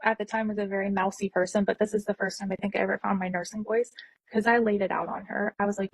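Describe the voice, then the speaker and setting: A woman nurse tells a personal story and acts out every quoted line with feeling. Her voice is soft and slightly breathy. The recording is close and dry, with no room echo. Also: medium pitch, flat delivery, quick pace. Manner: intense, emotional retelling with quoted dialogue.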